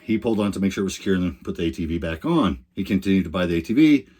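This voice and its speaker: An older man tells a rambling, chatty story straight to the camera. His voice sits low and a little husky, and he often stops and restarts his sentences. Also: expressive, racing, darkish tone. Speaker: RV lifestyle vlogger.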